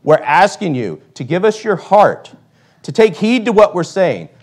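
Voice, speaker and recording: A man's voice: high voice, sing-song, a little slow, slightly rough. A man preaching a sermon, emphatic, reading old-style scripture and often asking "right?".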